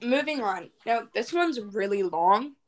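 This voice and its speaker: A woman's voice: on the high side, animated, a little slow, slight background noise, low-quality recording. A woman co-hosting a casual podcast, chatting and reading astrology passages aloud over a remote call. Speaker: podcast co-host. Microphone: remote call recording.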